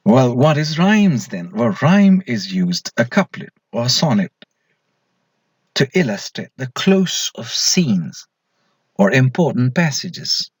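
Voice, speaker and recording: A man's voice: mid-range voice, big pitch swings, slow pace, husky, no room sound. A man giving a recorded slide lecture as an English lecturer, posing questions to students and then answering them himself.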